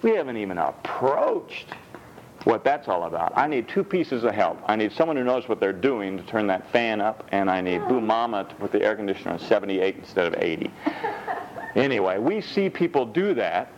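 Animated preaching man, lo-fi sound. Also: fairly low pitch, slight background noise. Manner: animated storytelling with acted-out doctor and patient voices; measured, emphatic scripture preaching. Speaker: pastor. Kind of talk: sermon. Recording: dull lo-fi sound with faint room ambience.

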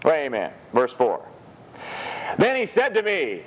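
A man preaching a sermon in a lively, humorous way, laughing often and slipping into high mock voices when he quotes scripture. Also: takes it slowly, long pauses, breathy edge, rough recording. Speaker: pastor.

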